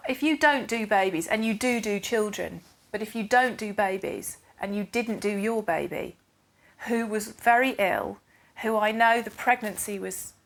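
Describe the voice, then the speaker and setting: A woman's voice: medium pitch, a bit bright. A woman working as a parenting expert, counselling a couple. She asks probing, direct questions and voices each partner's feelings back to them. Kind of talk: counselling and commentary.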